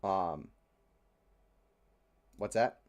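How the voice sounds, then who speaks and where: A man's voice: low-pitched, very slow. Frustrated, rambling male podcast host. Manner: frustrated, rambling, swears freely, many fillers. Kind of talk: casual opinionated chat.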